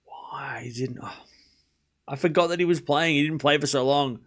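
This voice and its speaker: A man hosting a live tennis watchalong stream, calling points quickly, chatting with viewers and groaning out loud when things go wrong. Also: a little high. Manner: excitable, groans and cries out at points. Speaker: stream host.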